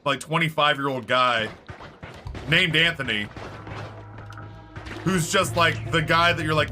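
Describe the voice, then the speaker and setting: Brief: chatty male game streamer, bright voice, meandering anecdotes. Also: on the high side, a little slow, long pauses, faint music behind. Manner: rambling, animated storytelling with many fillers. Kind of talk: casual chat while streaming a game.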